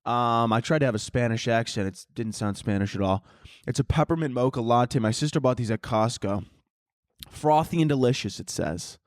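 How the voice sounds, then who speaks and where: A man's voice: medium pitch, normal speed, no echo, clean studio sound. A man hosting a podcast at home, rambling through a crude comedic monologue and laughing at his own jokes. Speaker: podcast host. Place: home, downstairs by a Christmas tree.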